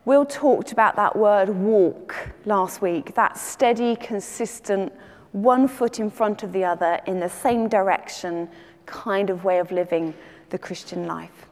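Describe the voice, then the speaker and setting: A woman preacher giving a sermon in a measured, gentle teaching manner. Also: medium pitch, big-room sound.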